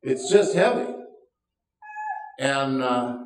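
A man's voice: mid-range voice, lively intonation, takes it slowly. An older man preaching a sermon as pastor, folksy and self-deprecating, with wry asides. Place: church sanctuary. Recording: roomy sound from a distance.

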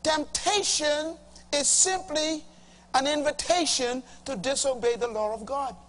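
A man's voice: extremely high pitch, fairly even intonation, measured pace, a bit bright. A middle-aged male pastor preaching a sermon emphatically, stretching key words and calling on the congregation to respond. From Bahamas. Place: church hall before a congregation.

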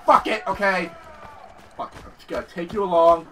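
A man giving excitable let's-play commentary, often yelling and cursing at the game he is playing. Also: sits high, fairly quick, distant mic, a little hiss or hum. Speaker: gaming channel host. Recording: voice a bit off-mic over game music.

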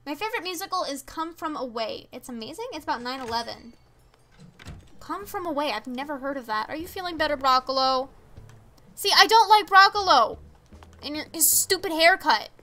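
Teen girl streamer, high bright voice, chatty, reads chat and reacts to game characters. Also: expressive, a little fast. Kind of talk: casual live-stream chat while gaming.

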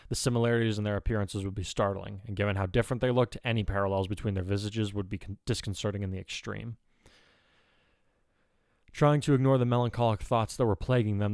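Low-voiced man narrating a story. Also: darkish tone, smooth, dry recording, clean studio sound. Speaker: audiobook narrator. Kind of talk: scripted narration of fan fiction.

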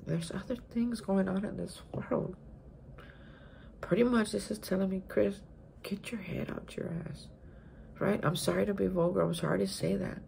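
A woman's voice: medium pitch, fairly even intonation, normal speed, creaky, dark tone, slight background noise. A woman giving a casual spoken daily reflection on recovery from a hotel room. She talks emphatically and repeats words for stress. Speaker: recovery vlogger.

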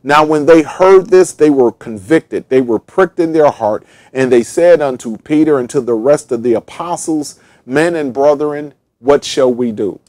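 A man's voice: on the high side, a little slow, hardly any pauses, darkish tone, dry recording. A man who is a pastor, teaching a Bible study in an emphatic preaching manner, repeating phrases for stress. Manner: repetitive, emphatic preaching with fillers.

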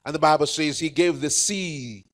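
A man preaching a sermon in short emphatic phrases, pausing for an interpreter after each. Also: fairly high pitch.

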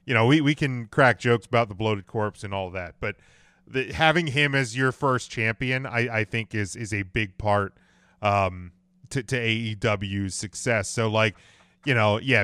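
A man's voice: mid-range voice, a little slow, bright, forceful tone, clear, resonant tone, dry recording, clean studio sound. A man hosting a casual podcast chat, thinking aloud and passing the talk to his co-hosts. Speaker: podcast host.

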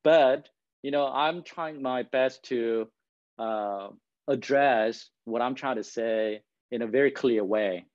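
A man's voice: mid-range voice, slow, darkish tone, no echo, dull audio. Man speaking English as a second language. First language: not English. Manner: conversational, keeps checking in with "right?". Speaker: guest speaker. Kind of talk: presentation to an audience.

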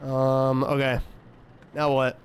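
In a slow, completely flat mid-range voice, a young man streams a horror game, chatting to himself, cursing freely and trash-talking the characters, though he jumps to frantic yelling when scared. A little hiss or hum runs through the recording.

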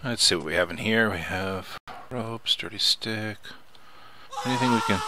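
A man's voice: on the low side, big pitch swings, normal speed, noisy background. A man casually commenting as he plays a survival game, chatty, muttering to himself and swearing when something startles him. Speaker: let's play host.

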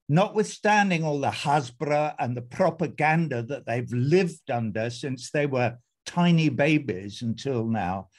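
A man's voice: on the high side, darkish tone. A man giving an impassioned, emphatic speech as an activist guest on a video call, repeating phrases for force.

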